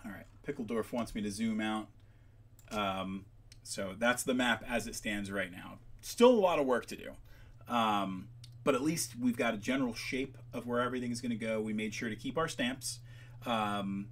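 A man hosting a casual livestream while he works, rambling off on tangents with lots of ums, his voice gravelly at times. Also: on the low side, moderate pace, a bit bright. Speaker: livestream host making maps.

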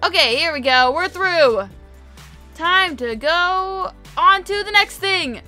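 A woman giving casual gameplay commentary, chatty and excitable, quick to gasp and exclaim. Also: very high-pitched, faint music behind. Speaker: gamer, video host.

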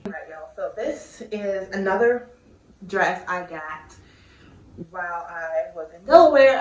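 A woman's voice: mid-range voice, a little hiss or hum. A young woman chatting casually through a clothing try-on haul at home, bubbly and full of filler words. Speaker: fashion vlogger. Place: home room. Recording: echoey room audio, distant mic.

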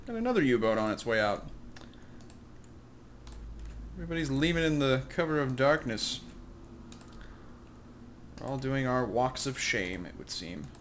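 A man talks through a video game at a mid pitch in a loose, meandering way, poking fun at his own choices and chuckling as he goes. Faint keyboard tapping sits quietly behind him. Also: unhurried, long pauses, a little hiss or hum. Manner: rambling, self-deprecating, chuckling asides. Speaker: let's play host. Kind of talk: casual gameplay commentary.

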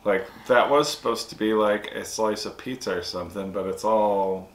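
A man with a lowish voice at a normal speed co-hosts a casual snack review, sounding easygoing and dropping dry remarks during the food chat. The room is echoey, with faint hiss.

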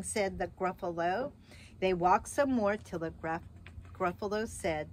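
A woman reading a picture book aloud to children with gentle, expressive narration and chatty asides. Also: medium pitch, measured pace. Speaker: storyteller for children.

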